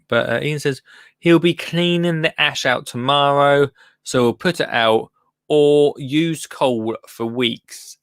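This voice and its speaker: Male host, gravelly voice, rambling live-show chat, reads listener comments, dry close mic. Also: mid-range voice, no room sound. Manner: rambling and chatty, breaks off mid-sentence. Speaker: gardening podcast host.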